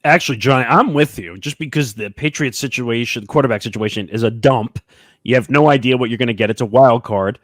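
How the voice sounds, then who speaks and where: A man co-hosting a podcast, announcing each matchup in a drawn-out way and chatting casually about picks. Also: mid-range voice, dry recording. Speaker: podcast co-host. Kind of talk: casual sports chat.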